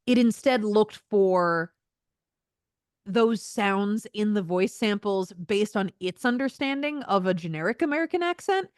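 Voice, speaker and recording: A woman's voice: mid-range voice, expressive, measured pace, dry recording. Candid woman voice actor, dry mic. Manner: earnest, candid, lots of fillers, laughs at herself. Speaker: voice actor guest. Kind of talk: podcast interview answer.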